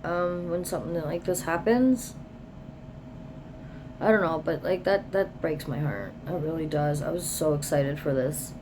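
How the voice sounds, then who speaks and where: A woman's voice: low-pitched, a little slow, noisy background. A woman chatting casually as she unboxes products, reading product descriptions aloud and sometimes dropping to a whisper. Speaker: beauty vlogger.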